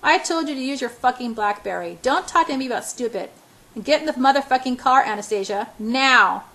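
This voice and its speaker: A domineering young billionaire in a rage, read by a woman in an audiobook. He barks short, clipped commands and snarls through his teeth, pushing every line loud and hard. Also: on the high side, a little fast, natural voice. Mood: furious.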